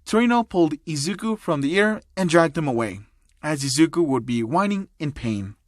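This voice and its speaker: Guy narrating a fan story, slightly high voice, dry close mic. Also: animated, normal speed, no echo. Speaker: narrator and voice actor.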